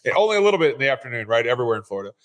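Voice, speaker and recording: A man's voice: mid-range voice, big pitch swings, very fast, a bit bright. A man who invests in real estate, a podcast guest telling stories in an earnest, conversational way and often repeating words as he starts a sentence. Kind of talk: conversational storytelling.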